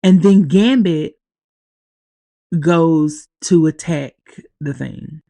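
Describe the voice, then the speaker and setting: A woman recaps a TV episode on her podcast, teary-eyed and halting, leaving long pauses. She talks slowly in a gravelly, mellow voice. The room sound is dry and close. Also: low voice, no room sound. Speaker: podcast host.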